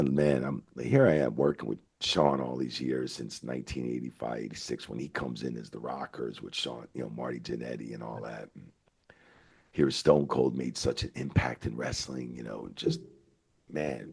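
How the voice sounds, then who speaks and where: Deep gravelly man telling lively stories. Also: normal speed. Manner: excitable, swears, leaps up in pitch when retelling stories. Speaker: retired wrestling referee, guest. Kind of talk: animated storytelling in a podcast interview.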